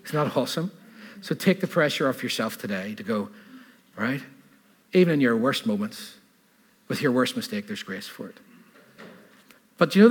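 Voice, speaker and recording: A man preaching a sermon in an animated style, asking rhetorical questions and adding laughing asides, in a church hall. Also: mid-range voice, husky. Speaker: pastor.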